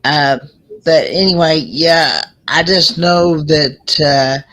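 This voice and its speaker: A man's voice: on the high side, slow pace, sharp tone. A man hosting a casual live-stream chat on a headset, often stumbling and restarting his sentences. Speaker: host.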